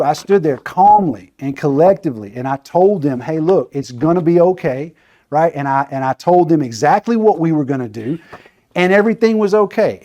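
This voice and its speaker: A man's voice: on the high side, darkish tone. A man giving a casual training talk, chatty and conversational, often checking in with "right?". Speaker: training presenter.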